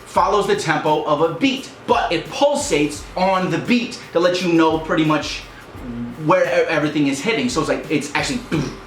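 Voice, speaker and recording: At a normal speed and a fairly high pitch, a man who coaches rap and hosts his own channel runs a tutorial. He explains things in a casual, upbeat manner and counts out the beats, recorded in an echoey room with music playing behind him.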